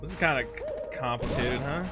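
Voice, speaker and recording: A man streaming a video game, chatting casually in a rambling, profane way with quick asides. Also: medium pitch. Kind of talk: casual gameplay chat. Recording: clear game music underneath. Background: game music.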